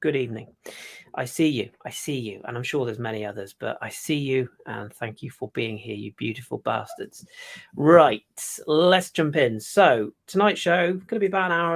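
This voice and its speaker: A man's voice: medium pitch, creaky. A man hosting a podcast in casual, jokey chat. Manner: jokey, self-mocking banter. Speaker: podcast host.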